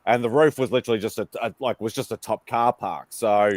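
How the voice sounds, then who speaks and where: A man's voice: fairly low pitch, a little fast, no room sound. A man with an Australian accent hosting a casual livestream chat, rambling and restarting his sentences. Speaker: livestream host. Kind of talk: casual chat on a video call.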